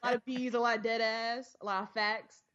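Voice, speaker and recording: A woman's voice: a little high, level tone, a little fast, fairly bright tone. Chatty New York woman, dull-sounding mic. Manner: chatty, laughing, loose pacing. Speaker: podcast guest. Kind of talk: casual chat.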